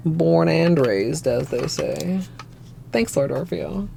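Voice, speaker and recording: A woman from Minnesota with a Minnesotan accent, chatting softly and rambling to her livestream chat. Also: low-pitched, takes it slowly, gravelly, a little hiss or hum. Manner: soft-spoken and rambling, talking to chat. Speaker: nail art streamer.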